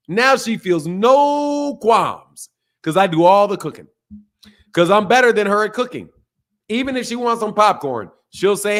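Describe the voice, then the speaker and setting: A man's voice: sits high, animated, moderate pace, fairly bright tone. A man hosting a boxing channel who chats loosely and jokes with his viewers, using plenty of slang and laughing often. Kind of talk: casual livestream chat.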